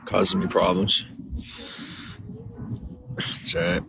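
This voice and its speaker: A livestream host chats casually with viewers outdoors near a coffee shop, rambling and reading chat messages aloud. His low voice is creaky, slow and flat in delivery, with a noisy background.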